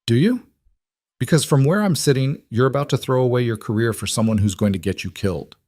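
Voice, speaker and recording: A man's voice: medium pitch, a little fast, a little mellow, no echo, studio quality, pitched above the performer's own voice, natural voice. A man voicing a blunt, scolding middle-aged woman nurse in a storybook reading. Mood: stern.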